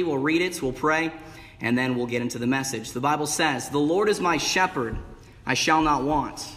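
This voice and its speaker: A man's voice: a little high, a bit bright. A man preaching an evening sermon in a church, with an emphatic cadence that stretches out key words. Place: church sanctuary. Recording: long reverb of a hall. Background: congregation calling out replies.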